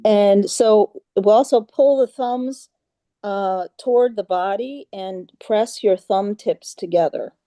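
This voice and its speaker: A woman leading a group meditation over a video call, patient and halting, with many fillers, chanting mantras in a steady monotone. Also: medium pitch, no room sound. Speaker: yoga class leader.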